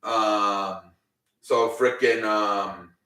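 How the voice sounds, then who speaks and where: A man's voice: on the low side, fairly even intonation, very slow, bright, forceful tone. A man casually recapping a wrestling show, rambling with lots of fillers and swearing freely. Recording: roomy, mic at a distance.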